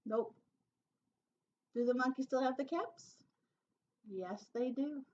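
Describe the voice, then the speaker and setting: A woman teacher reading a picture book aloud to children, pausing to ask them questions and prompt them to act along. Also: sits high, a little mellow, muffled recording. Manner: interactive, asks children questions. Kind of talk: storybook read-aloud for children.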